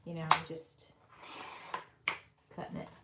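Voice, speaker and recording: A woman's voice: measured pace, reverberant, heavy background noise. A middle-aged woman hosting a casual crafting livestream from her home craft room, chatting and rambling as she works and reads viewers' comments aloud.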